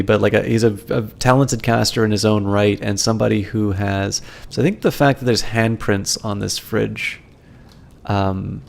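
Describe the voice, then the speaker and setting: A man's voice: on the low side, gravelly. A man streaming a game live, chatting to viewers with many ums and restarts while he plays. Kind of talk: casual live-stream commentary.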